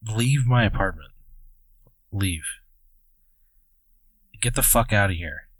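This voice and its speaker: A man's voice: fairly low pitch, lively intonation, fairly bright tone, no room sound. Blunt, indignant man in comic banter. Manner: blunt, indignant replies with quick reactions. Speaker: podcast co-host.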